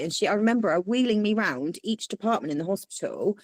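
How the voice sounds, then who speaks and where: A woman's voice: mid-range voice, fast talker, few pauses, no room sound. A young woman, telling her story as an interview guest and acting out the voices of the people in it. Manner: animated, quotes people in lively voices. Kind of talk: candid storytelling.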